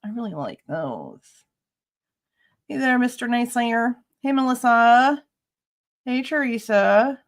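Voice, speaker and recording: A woman's voice: fairly high pitch, big pitch swings, takes it slowly, pauses often. A woman hosting a casual livestream, chatting with viewers and greeting them by name, laughing often. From Ohio. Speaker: livestream host.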